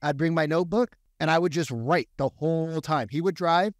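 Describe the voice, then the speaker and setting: A man who works as a real estate agent, telling stories in a casual podcast chat with a profane, animated delivery. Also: a little high, moderate pace, no echo, clean studio sound.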